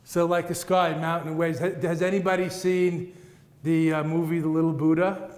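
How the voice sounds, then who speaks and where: A man's voice: a little high, level tone, normal speed, darkish tone. A man, a Buddhist teacher, giving a playful, rhythmic dharma talk to an audience and laughing at his own jokes. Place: large meeting room with audience. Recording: echoey hall, roomy reverb.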